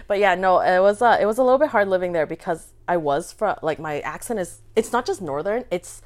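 Animated young woman, lively pitch. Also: a little fast. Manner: animated, laughing, swears and does mock voices. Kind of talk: casual chat.

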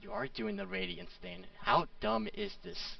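A man running a tabletop game as game master, playful and quick to laugh. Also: high-pitched, lively intonation, vocal fry, far from the mic, highs cut off.

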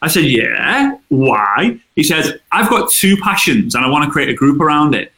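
A man talks as an interview guest, spinning chatty, animated anecdotes. His voice sits a touch high and has a sharp, forceful edge. The room around him rings with a noticeable echo. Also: normal speed. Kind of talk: casual interview storytelling. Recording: roomy echo.

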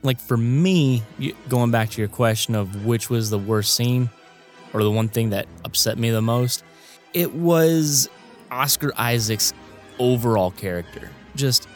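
A man's voice: medium pitch, a little slow, faint music behind. A man hosting a podcast, casually giving his take on a film and steering the talk between his co-hosts. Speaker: podcast host. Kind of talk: casual movie discussion.

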